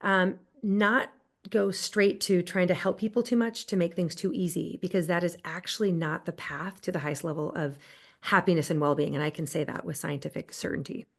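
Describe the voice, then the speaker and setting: A woman's voice: fairly low pitch, fairly even intonation, moderate pace. A woman guest on a podcast, explaining research in an enthusiastic, conversational way. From United States. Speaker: podcast guest, positive psychology expert. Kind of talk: conversational interview. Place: Southern California.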